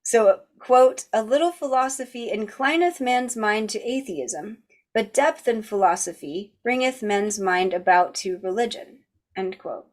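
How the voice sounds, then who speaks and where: A woman hosting a book club, reading a philosophy text aloud at an even pace and breaking off now and then for casual chatty asides. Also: mid-range voice, unhurried.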